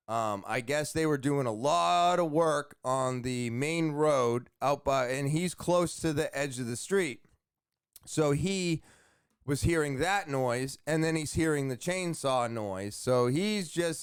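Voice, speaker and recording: A man's voice: on the high side, clean tone, no echo, clean studio sound. A man hosting his own show, telling a long rambling story with many fillers and repeated words. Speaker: podcast host. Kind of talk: casual storytelling monologue.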